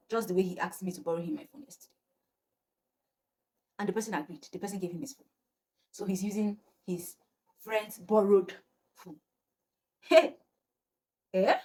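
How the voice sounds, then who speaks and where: A woman's voice: medium pitch, a little mellow, slight background noise. A young woman, telling a personal story to her viewers in a dramatic, exclamatory way. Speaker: vlogger. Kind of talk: storytime vlog.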